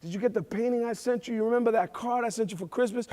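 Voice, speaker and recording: A man voicing a tender father who talks softly and coaxingly to his young daughter. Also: very high voice, quick pace. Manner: soft, coaxing. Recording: echoey hall reverb.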